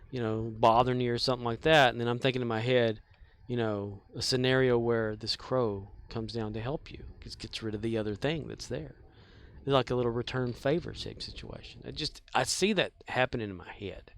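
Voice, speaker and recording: A man streaming a game, chatting casually in a meandering, folksy way with many fillers and restarts and some mild swearing. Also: medium pitch. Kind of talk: casual rambling chat while gaming.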